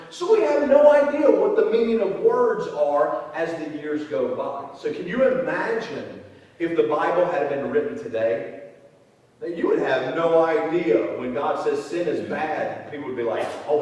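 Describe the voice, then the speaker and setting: A middle-aged man preaches in a relaxed, folksy manner, his voice sitting fairly high. The sound is roomy and booming, like a big church hall. He is caught from well back from the microphone. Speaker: pastor. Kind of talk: sermon. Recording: echoey hall, distant mic.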